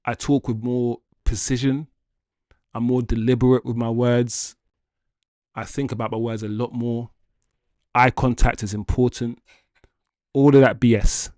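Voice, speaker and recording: Male livestream host, casual and animated, addresses chat directly, dry sound. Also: mid-range voice, measured pace, pauses often, no room sound. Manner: animated and chatty, laughs often, addresses chat as guys. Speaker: football channel livestream host. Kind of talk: casual livestream chat reading viewer comments.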